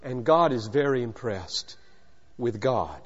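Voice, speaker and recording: A man preaching a sermon, emphatic, swinging from hushed to loud, with rhetorical questions and repetition. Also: medium pitch, sing-song, takes it slowly, slightly rough. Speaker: pastor. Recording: dull lo-fi recording in a long-reverb hall.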